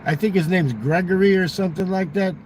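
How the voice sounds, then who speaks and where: Guy with a high voice cursing his way through casino stories, faint noise behind. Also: fairly quick. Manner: profane, animated storytelling with quoted dialogue. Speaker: streamer telling stories. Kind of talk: casual chat. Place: fast-food restaurant.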